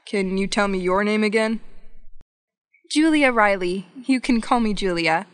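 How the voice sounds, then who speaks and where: A woman reading scripted English practice dialogues for learners, slow and evenly paced. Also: medium pitch, lively intonation, clean tone, dry recording, clean studio sound. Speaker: English lesson narrator.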